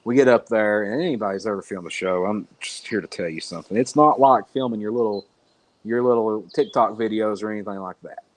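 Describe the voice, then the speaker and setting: A brisk man with a fairly low pitch tells a long story as a podcast guest over a remote call. His delivery is blunt and rambling with the odd swear word, and the setting is a casual storytelling interview.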